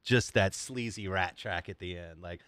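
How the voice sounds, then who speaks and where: A man's voice: sits low, moderate pace, a bit bright, no room sound, studio quality. A man hosting a podcast, casually recounting movie and music trivia with enthusiasm. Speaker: podcast host. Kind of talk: casual chat.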